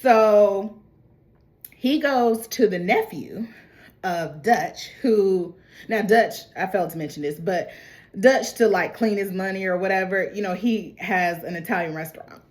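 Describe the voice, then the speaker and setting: Female recap host, lively and slangy, mid-range voice. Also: mid-range voice, unhurried. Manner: animated, slangy, laughing asides. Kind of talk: casual recap storytelling.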